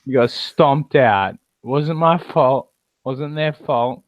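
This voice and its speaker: A man's voice: medium pitch, slow, dry recording, muffled recording. An Australian man in his thirties chatting casually in a gaming voice chat, joking and swearing freely. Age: 30s.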